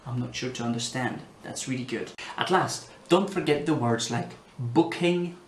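A man with a Scottish accent, an online English teacher who speaks slowly and clearly and repeats example phrases for learners. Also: mid-range voice, roomy sound, a little hiss or hum. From Scotland.

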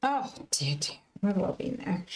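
A woman's voice: medium pitch, big pitch swings, unhurried, a little hiss or hum. A woman co-hosting a live crafting stream, chatting casually and joking as she works. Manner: chatty, jokey, laughs often.

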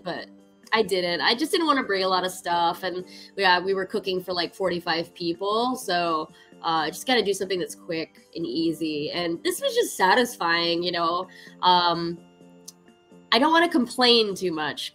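A woman's voice: on the low side, sharp tone, poor audio. A woman hosting a cooking livestream, chatting casually and upbeat with her viewers, laughing often and using lots of "like". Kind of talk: casual chat to stream viewers.

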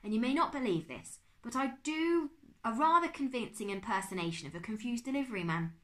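An excitable middle-aged uncle, put on by a woman reading a storybook aloud, fussy and quick to exclaim. His voice swings widely up and down as he lectures and frets. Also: on the high side, pitched above the performer's own voice. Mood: explaining. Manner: exclaiming, spluttering.

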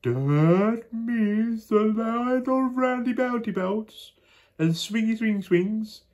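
A man voicing an odd round-faced man in a slow, drawn-out way while reading a children's storybook aloud. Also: high voice, darkish tone, pitched above the performer's own voice. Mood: urgent.

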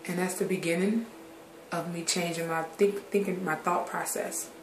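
Talking frankly in a personal vlog, a grown woman uses a fairly low voice with fairly even intonation and a moderate pace. Her talk rambles across topics with casual curse words, and the room lends an echo over faint underlying noise.

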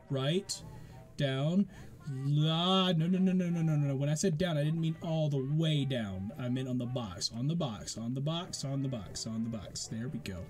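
A man's voice: mid-range voice, darkish tone. A man doing casual gameplay commentary as a YouTuber, frustrated, swearing a lot and talking to his game character. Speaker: gaming YouTuber.

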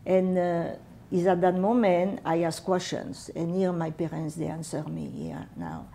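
A woman in her eighties with a French and Catalan accent, a native Catalan speaker, recalling her wartime childhood for an interviewer in unhurried, halting English. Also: on the low side, lively intonation, vocal fry, warm tone, a little hiss or hum. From France. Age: 80s. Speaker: veteran oral history interviewee. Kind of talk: personal war memories told to an interviewer.

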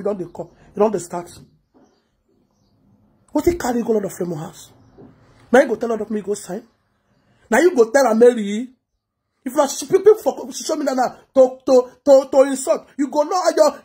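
A woman's voice: fairly high pitch, mellow, slightly rough. A Nigerian woman blogger giving a heated, scolding commentary, repeating herself as she rants. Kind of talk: ranting commentary vlog.

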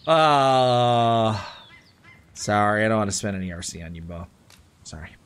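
A man casually chatting while playing a video game with friends, excitable and quick to yelp and laugh at the action. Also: fairly low pitch, a little hiss or hum. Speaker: gamer streaming with friends. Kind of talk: casual let's-play chat.

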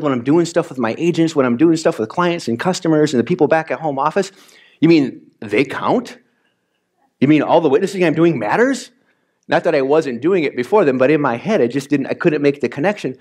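A man, a pastor from Wisconsin, preaching a chatty, animated sermon in which he acts out his own reactions. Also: a little high. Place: church sanctuary.

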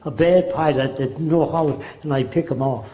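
A man's voice: a little high, normal speed, mellow, close to an everyday voice. A man voicing an older German fighter pilot, speaking in a put-on German accent. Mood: matter-of-fact. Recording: roomy echo.

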